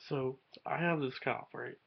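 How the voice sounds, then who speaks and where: A man's voice: mid-range voice, measured pace, vocal fry, dull audio, slight background noise. A teenage boy rambling in a casual webcam vlog, slangy and swearing a lot. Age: teens. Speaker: vlogger.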